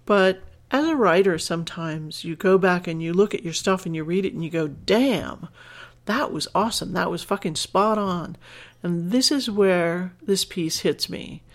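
Emotional, earnest woman podcast host. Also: on the low side. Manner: emotional, earnest, laughing through tears. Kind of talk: podcast reading listener letters.

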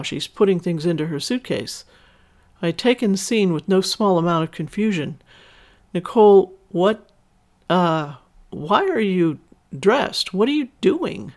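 Casual storyteller reading aloud. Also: mid-range voice. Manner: casual, chatty asides. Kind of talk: erotic story narration with commentary.

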